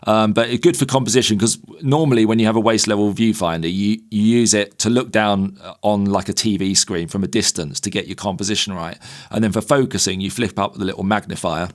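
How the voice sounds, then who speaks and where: A man's voice: lowish voice, a little fast. A man co-hosting a photography podcast, chatting casually and explaining gear at length with many fillers. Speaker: podcast co-host.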